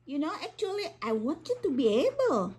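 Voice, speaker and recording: A woman's voice: sits high, big pitch swings, brisk, a little mellow. A woman chatting playfully with her dog, coaxing it and laughing often. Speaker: dog owner. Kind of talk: casual chat with her dog.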